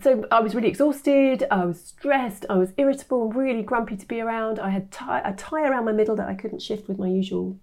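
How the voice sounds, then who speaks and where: A woman in her fifties, a nutritionist guest telling her story in an animated way, acting out quoted voices. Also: on the high side, fairly quick, few pauses. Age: 50s. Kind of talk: interview storytelling.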